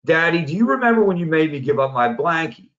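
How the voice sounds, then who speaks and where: A man's voice: on the high side, big pitch swings, fast, a bit bright, lo-fi sound. A man quoting a five-year-old girl who earnestly pleads with her father, while telling a story.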